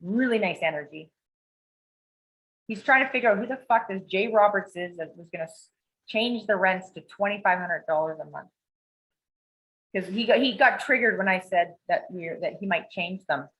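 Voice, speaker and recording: A woman co-hosting a podcast over a video call tells a story in casual chat, swearing freely and animatedly acting out what the people in it said. Her voice is medium-pitched and moderately paced, and the recording quality is low.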